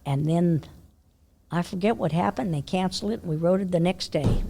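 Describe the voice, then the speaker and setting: An older woman telling horse-show stories in a casual interview, animated, laughing often and dropping to a hush when she quotes herself. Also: fairly low pitch, moderate pace, gravelly, a little hiss or hum. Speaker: interview guest, horse trainer.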